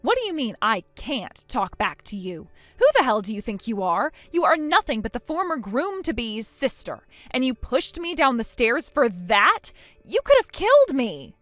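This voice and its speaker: A woman's voice: a little high, very animated, normal speed, hardly any pauses, fairly bright tone, no echo. A woman voicing a furious, injured young bride who speaks in a cold, scornful and firm way. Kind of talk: text-message story voice acting.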